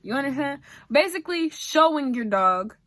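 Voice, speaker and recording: A woman's voice: sits high, normal speed, no echo, studio quality. Emphatic young woman giving chatty advice. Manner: emphatic, animated, slangy and direct. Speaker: vlogger giving dog-training tips.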